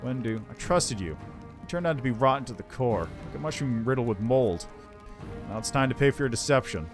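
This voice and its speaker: A man's voice: mid-range voice, expressive, brisk, music in the background, natural voice. A man voicing a resolute tribal warrior who speaks with weary, reproachful disappointment. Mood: disappointed.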